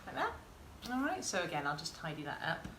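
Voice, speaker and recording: A woman craft tutor runs a chatty live sewing demo, encouraging and talking to viewers in chat. Her low voice swoops wildly in pitch at a brisk pace, with background noise, roomy echo, and faint ambience.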